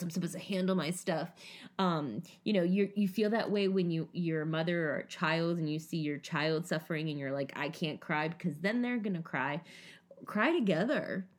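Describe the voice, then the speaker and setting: A young woman co-hosting a casual chat, animated, her voice jumping high when she acts out what people say. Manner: animated, swoops high when acting out quotes. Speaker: podcast co-host.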